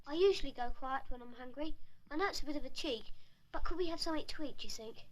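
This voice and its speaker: A woman's voice: high-pitched, fast talker, lightly acted. A woman voicing a polite, chatty young schoolchild who apologizes often, in a 1960s film drama.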